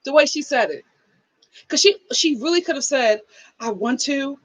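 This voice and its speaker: Woman host of a live review stream, sassy and scolding, high voice that swings widely. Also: lively intonation, normal speed, poor audio. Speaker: show host. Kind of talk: live reality-TV review, casual chat.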